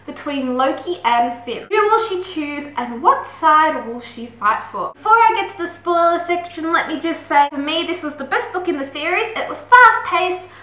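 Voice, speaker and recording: A woman's voice: sits high, animated, normal speed, hardly any pauses, bright, forceful tone. A woman chatting enthusiastically through a book review, gushing and acting out scenes as she goes. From Australia. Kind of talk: casual book review chat. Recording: roomy echoey room.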